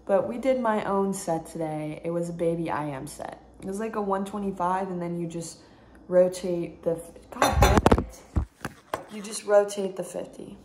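A young woman chatting casually to camera in a rushed, excitable vlog about her day. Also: lowish voice, noisy background. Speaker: vlogger. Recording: echoey room.

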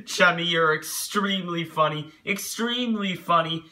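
A man's voice: high voice, sharp tone. A man doing comedic reaction commentary on pictures, giggling a lot, repeating silly chants and mock-scolding the picture maker. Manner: giggly and repetitive, laughing at each picture in singsong chants.

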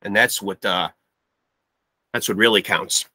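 Guy doing a cocky glam rocker host bit, bright punchy voice, super dry. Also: lowish voice, steady tone, unhurried, breathy edge, no room sound. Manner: boastful, swaggering showman patter. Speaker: podcast host. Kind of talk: comic interview in a glam-rocker persona.

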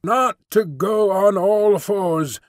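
A hunched creature growls out a law from the dark in a slow, commanding sing-song, put on by a man. The voice is thick, with a strange whistling overtone, pitched a little high. It sounds dry and close, like a storybook reading. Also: no room sound. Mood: intoning. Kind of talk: audiobook character voice.

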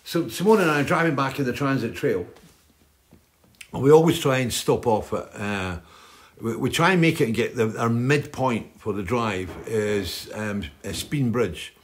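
A man's voice: mid-range voice, expressive, moderate pace. An older man, hosting and telling stories in a rambling, chatty way, often tagging on "right?". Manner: chatty, keeps adding "right?". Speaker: host. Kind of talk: rambling storytelling chat.

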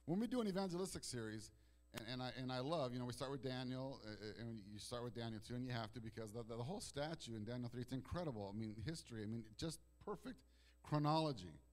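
A male pastor delivering a sermon in a church, swinging between loud declarations and hushed, slow passages, often repeating words as he restarts phrases. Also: mid-range voice. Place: church sanctuary.

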